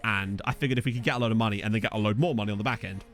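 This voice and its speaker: This gaming streamer sounds worn out as he answers chat during a let's-play, rambling, putting himself down and using plenty of fillers. His voice sits fairly low with a fairly bright tone and fairly even intonation, and he talks at a racing speed.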